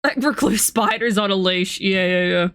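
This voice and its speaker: A young woman streamer with an Australian accent that is blending with a Canadian one, telling self-mocking stories and swearing as she plays. Her voice sits at an ordinary pitch for a woman. The sound is dry and close to the mic, with no room echo. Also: normal speed, a bit bright, smooth. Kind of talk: casual chat while playing a game.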